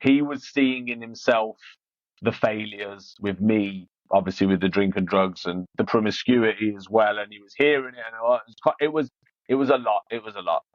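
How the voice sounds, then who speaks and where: A man's voice: fairly low pitch, normal speed, no echo. Guest, male, frank and unpolished, stumbles and restarts a lot; dry, slightly dull lo-fi recording. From Iran. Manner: frank, repeats words, many restarts. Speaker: podcast guest. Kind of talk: casual interview chat.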